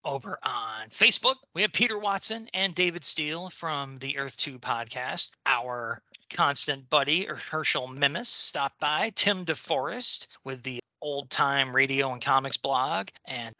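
Bright, jokey male podcast host. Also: mid-range voice, animated, unhurried, hardly any pauses, dry recording. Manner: jokey and upbeat, laughing often. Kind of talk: casual podcast chat reading listener mail.

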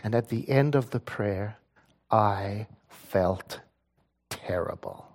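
A man's voice: lowish voice, takes it slowly, a little mellow, slight background noise. A man who works as a prayer practitioner, telling a personal story in a spiritual talk, earnest and rising to emphatic points.

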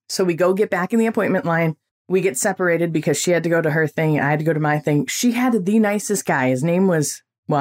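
A woman in her forties hosting a podcast, telling an everyday story in a lively way and acting out what people said. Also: on the low side. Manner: animated storytelling, acting out quotes. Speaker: podcast host.

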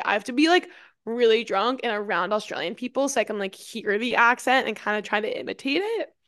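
A woman's voice: a little high, no room sound, clean studio sound. Chatty young woman podcast co-host. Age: 20s. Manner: chatty storyteller, laughs often. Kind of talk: casual chat.

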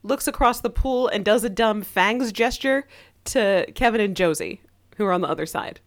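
A woman's voice: medium pitch, normal speed. A woman co-hosting a podcast, casually recapping episode plots and briefly acting out the characters' quotes. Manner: narrates plot, acts out quotes.

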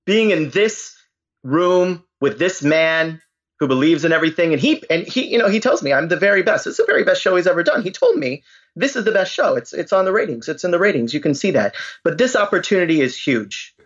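A man's voice: on the high side, animated, brisk, a bit bright, lo-fi sound, pitched above the performer's own voice. A man putting on an impression of a boastful older man with a New York accent, repeating superlatives about ratings. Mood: bragging. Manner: repetitive superlatives, self-praising.

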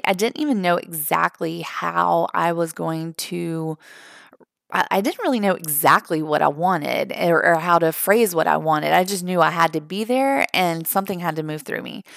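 Earnest woman with a gravelly low voice. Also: dry recording, clean studio sound. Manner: earnest, emotional, many fillers and restarts. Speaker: podcast host. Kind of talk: personal storytelling monologue.

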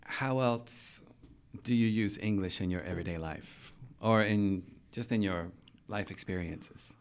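A man with a fairly low voice hosts a casual interview as an English teacher. He talks in a chatty, encouraging way, firing off question after question. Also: unhurried, clean tone. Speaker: podcast host, English teacher.

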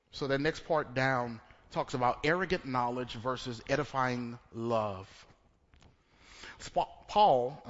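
Conversational preacher in an echoey church. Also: male voice, mid-range voice. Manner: conversational preaching with repeated words and rhetorical questions. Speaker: pastor. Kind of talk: sermon. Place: church sanctuary. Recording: dull echoey church recording.

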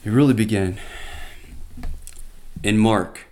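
A man's voice: fairly low pitch, takes it slowly, darkish tone. A man teaching from the Bible by retelling it as a story, with conversational asides and emphatic quoted lines.

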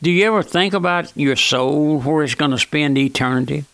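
A man preaching a sermon on the radio in a plain, folksy, earnest manner, often calling out to his listeners as friends and slowing down for scripture. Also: fairly high pitch, a bit bright, smooth, dry recording. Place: church auditorium.

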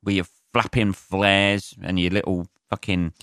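A man's voice: low voice, flat delivery, unhurried, a bit bright, no room sound, clean studio sound. A man hosting his own podcast, ranting sarcastically with lots of swearing, rambling asides and fillers. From England. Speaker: comedian podcast host. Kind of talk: solo comedic rant.

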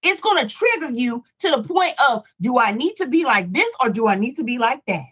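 A woman's voice: fairly high pitch, very animated, a little fast, a bit bright, slightly rough. A middle-aged woman preaching a Bible study, emphatic and repetitive, full of rhetorical questions. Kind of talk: preaching to listeners. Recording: dull lo-fi recording.

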